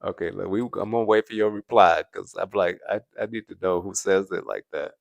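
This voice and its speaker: A man's voice: low voice, steady tone, a little fast, vocal fry, dry recording. A man hosting a live stream, chatting casually with viewers, laughing often as he answers the chat. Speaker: livestream host.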